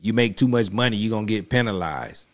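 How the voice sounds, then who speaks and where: A man with a somewhat low voice hosts a political reaction video from his home studio. He talks in a loose, conversational way, repeating his points with emphasis and arguing straight back at the clip he is watching. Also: lively intonation, brisk. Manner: emphatic, repetitive, conversational street talk; addresses the clip directly with rising heat. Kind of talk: casual political reaction commentary.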